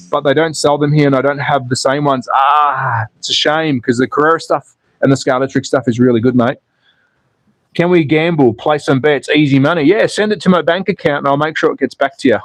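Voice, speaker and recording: A man at home, excitedly calling slot car races on a live stream and casually chatting with viewers. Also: fairly high pitch, no room sound, poor audio. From Australia. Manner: excitable commentary, then relaxed chatting with viewers. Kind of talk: live race commentary and chat reading. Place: home in Austria.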